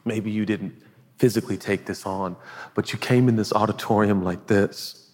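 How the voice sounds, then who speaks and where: A pastor preaching a sermon in an earnest, conversational way, now and then dropping to a hush. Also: male voice, lowish voice, steady tone, normal speed, big-room sound. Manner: earnest, conversational preaching with sudden hushed asides. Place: large auditorium.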